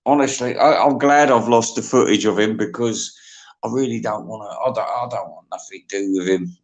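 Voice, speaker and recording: A man's voice: lowish voice, brisk. A man hosting a video, delivering a crude, mocking comic rant. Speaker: video host.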